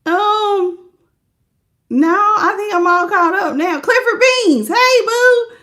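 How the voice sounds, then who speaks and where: A woman with a high, bright-pitched voice hosts a live-stream tarot reading. She talks in a casual, folksy way, greets her viewers one by one by name, and laughs often between card pulls. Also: takes it slowly. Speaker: tarot reader.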